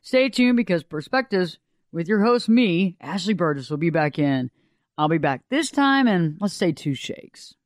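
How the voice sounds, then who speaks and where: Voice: mid-range voice, lively intonation, unhurried, dry recording, studio quality. A radio talk show host, delivering a folksy, conversational monologue.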